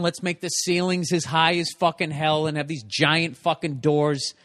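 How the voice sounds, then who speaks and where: Male podcast host, emphatic profane rant, higher-pitched, dry studio sound. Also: fairly even intonation, moderate pace, a bit bright, dry recording. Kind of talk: casual comedic chat.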